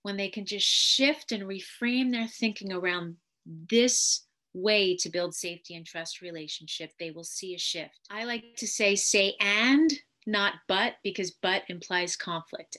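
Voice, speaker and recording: A middle-aged woman therapist talks to parents and carers in an earnest, steady teaching voice. Her pitch sits in an ordinary middle range. She leans on key words and slows right down to let them land. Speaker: psychotherapist. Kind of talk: teaching talk on trauma-informed parenting.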